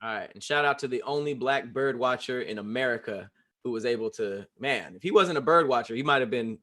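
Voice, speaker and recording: A man's voice: mid-range voice, bright, forceful tone. A man co-hosting a casual podcast over a video call, joking and closing out the episode. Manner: joking, quick, wraps up the show. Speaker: podcast co-host. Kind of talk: casual chat.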